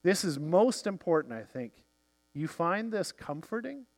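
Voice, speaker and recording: A man's voice: sits high, sing-song, measured pace, heavily acted. A man doing an earnest Viking with a lilt. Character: earnest, simple-hearted Viking man, devout.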